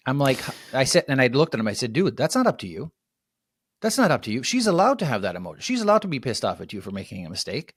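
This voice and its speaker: A man's voice: on the low side, animated, fast talker, no echo, studio quality. A man co-hosting a podcast, telling stories in a rambling casual way with lots of ums and restarts. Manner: rambling storyteller, many fillers and restarts. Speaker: podcast co-host.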